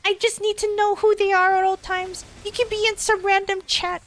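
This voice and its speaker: Woman doing a controlling young girlfriend: shrill, nagging, way above her own voice. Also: little pitch movement, moderate pace, fairly bright tone. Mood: complaining. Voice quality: shrill, high whine. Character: jealous, controlling young woman, whiny and suspicious.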